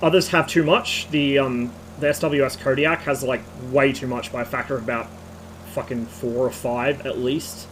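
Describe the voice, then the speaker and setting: A slightly hoarse man streaming, giving a rambling technical rant with casual swearing. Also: mid-range voice, steady tone, moderate pace, a bit bright, a little hiss or hum, low-quality recording.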